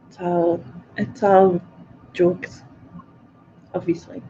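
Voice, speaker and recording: This woman hosts a livestream, chatting casually and reading live comments while giggling often between remarks. Her voice is lowish, warm, and flat, with a slow pace. The lo-fi stream audio sounds dull and carries slight background noise.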